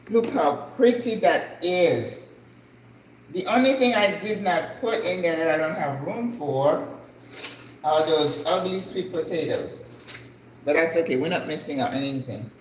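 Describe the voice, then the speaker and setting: An older woman hosting a cooking vlog, chatting casually and exclaiming excitedly over the food as she plates it. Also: low voice, reverberant, slight background noise, poor audio.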